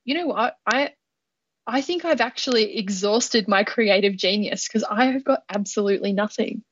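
A woman's voice: mid-range voice, normal speed, lo-fi sound, a little hiss or hum. A woman co-hosting a podcast in casual chat, playful, laughing often and swearing freely. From Australia. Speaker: podcast co-host.

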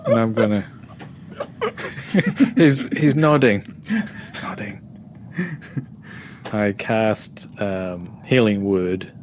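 A man's voice: fairly low pitch, extremely slow, pauses often, a little hiss or hum. A man playing a cleric character in a tabletop game, speaking casually and sometimes dropping to a near whisper. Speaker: player.

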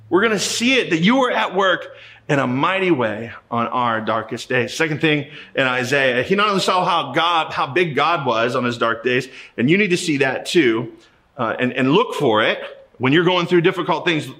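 A man's voice: on the high side, animated, moderate pace, pushed and bright. A middle-aged man from Ohio preaching a sermon as pastor, telling a personal story in a conversational way and often repeating words as he starts a sentence.

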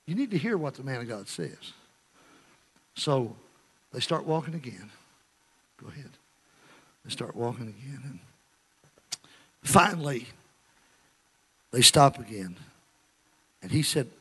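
A man preaching a storytelling sermon, acting out characters' voices and swinging from hushed asides to shouts. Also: mid-range voice, expressive, normal speed, pauses often, breathy edge.

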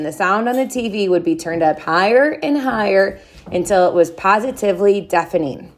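A woman reading a children's chapter book aloud, with expressive, drawn-out storybook delivery. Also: medium pitch.

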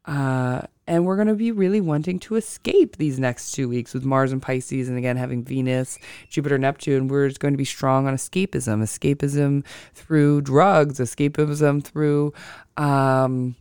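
Gravelly, deliberate astrology podcast host. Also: medium pitch, fairly even intonation, a little mellow, dry recording. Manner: slow and deliberate, thinking before speaking; self-correcting, with frequent restarts. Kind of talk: casual solo podcast talk.

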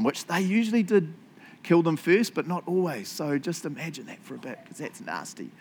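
A man's voice: on the high side, animated, a little fast, slight background noise. A man preaching a casual, confessional sermon to his church, chatty and self-deprecating, laughing often. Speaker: pastor.

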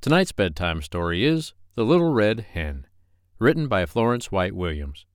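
A man reading a bedtime story aloud as a podcast host, with gentle, expressive storybook narration. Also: fairly low pitch, normal speed, smooth, no room sound, clean studio sound.

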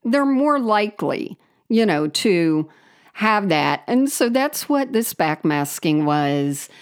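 Slow-talking wry woman chatting. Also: medium pitch, very animated, clear, resonant tone. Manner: chatty, wry storytelling with tangents. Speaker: podcast co-host. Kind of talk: casual chat.

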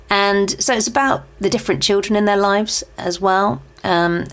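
Chatty woman hosting a podcast. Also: lowish voice. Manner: chatty, with many ums and restarts. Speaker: podcast host. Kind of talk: casual book recommendations.

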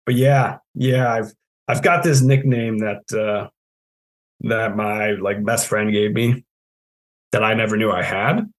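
A New England man in his thirties, a trail project manager appearing as a podcast guest, tells casual stories in a laid-back, self-deprecating way, laughing often. His lowish voice is steady and slow, and the audio is poor.

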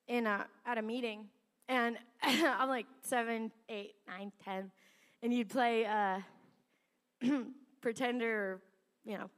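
Woman, middle-aged, pastor, sermon storytelling, high voice, long church reverb. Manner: chatty, animated, laughs often. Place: church sanctuary.

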